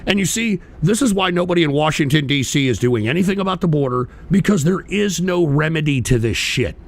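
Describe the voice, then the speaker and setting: A man hosting his own livestream radio show, ranting angrily with lots of swearing and sudden shouted bursts while answering chat. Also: a little high, expressive, brisk, creaky. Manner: profane, combative, shouting bursts. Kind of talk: angry ranting commentary, reading chat.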